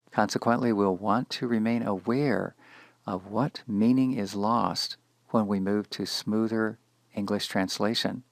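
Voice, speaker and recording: Low gravelly man explaining grammar. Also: fairly even intonation, dry recording. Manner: measured and explanatory, slowing to spell out Hebrew words. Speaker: Hebrew grammar teacher. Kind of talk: scripted lecture.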